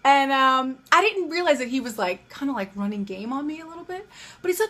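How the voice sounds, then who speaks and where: A woman's voice: sits high, expressive, fast talker, fairly bright tone. A young woman vlogging casual dating advice, chatty and acting out both sides of the conversations she describes. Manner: chatty, acts out both sides of pickup lines.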